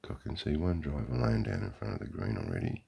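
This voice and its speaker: A man's voice: very deep voice, expressive, quick pace, gravelly, dark tone, husky. An Australian man giving a sarcastic, profane running commentary outdoors beside a golf green. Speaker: vlogger.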